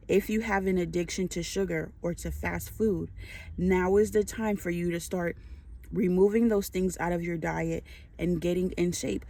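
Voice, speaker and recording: Slow, deliberate woman reading a list. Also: fairly low pitch, a little mellow. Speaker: faith-based preparedness vlogger.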